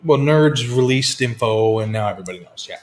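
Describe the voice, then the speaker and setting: A man's voice: mid-range voice, lively intonation, fairly quick, slight background noise. A man hosting a casual live whisky chat, laid-back and swearing freely as he tells stories. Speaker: whisky show host.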